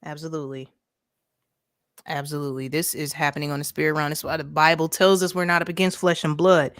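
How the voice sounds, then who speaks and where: A podcast co-host rants casually over a video call, pressing her points emphatically and asking "right?" again and again. Her low voice stays level, and she talks quickly. The sound is dry and clean, like a studio.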